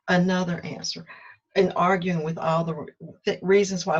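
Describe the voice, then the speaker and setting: A woman's voice: fairly low pitch, normal speed, slightly rough. A woman talks candidly in a casual, reflective monologue, joking at her own expense and acting out her inner dialogue. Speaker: spiritual self-help host. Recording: muffled lo-fi recording.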